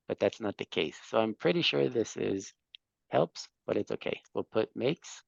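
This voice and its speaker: A man's voice: lowish voice, expressive, normal speed, creaky, no echo, lo-fi sound. A man teaching an English class, patiently explaining grammar and correcting students.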